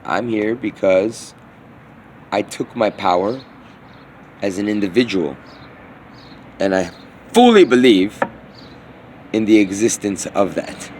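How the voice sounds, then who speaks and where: A man's voice: fairly low pitch, expressive, takes it slowly, pauses often, a little mellow, slight background noise. Rambling, slangy man talking off the cuff. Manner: meandering, slangy, profane, trailing off and restarting. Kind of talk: rambling spoken monologue.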